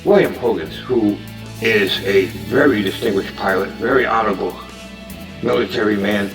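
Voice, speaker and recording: A man casually pitching a movie idea in a meandering monologue, with restarts and uneven loudness. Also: normal speed, distant mic, soft background music, rough recording.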